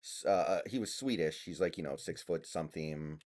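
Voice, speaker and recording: A man streaming a game, chatting casually and answering chat, laid-back and halting with fillers. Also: deep voice, darkish tone.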